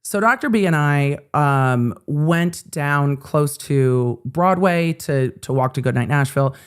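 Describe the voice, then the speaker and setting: A woman in her forties hosting a show, telling a story in casual chat, animated, swearing freely and acting out the quotes. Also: low voice, slow pace, clear, resonant tone. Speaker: host.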